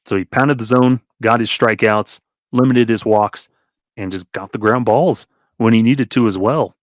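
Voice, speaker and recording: A man's voice: medium pitch, normal speed, no room sound, clean studio sound. A man co-hosting a casual sports podcast, reeling off statistics and chuckling often. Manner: reels off stats, chuckles often. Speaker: podcast co-host.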